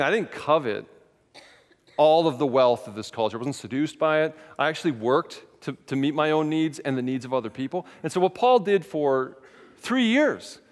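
A man preaching a sermon as a pastor, telling stories in a candid, self-mocking way. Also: on the high side. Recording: long hall reverb.

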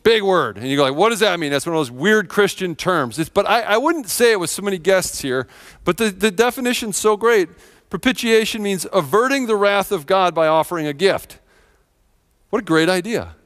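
A man's voice: sits high, lively intonation, fairly quick, a bit bright. A middle-aged man preaching a sermon as a pastor, telling stories and acting out quoted voices with animation.

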